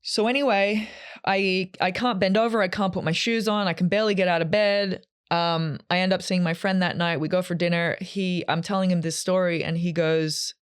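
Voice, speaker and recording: A woman's voice: on the low side, fairly even intonation, moderate pace, clean tone. A woman hosting a solo podcast from a green room, telling a personal story in a candid, rambling, emotional way with many fillers. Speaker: podcast host.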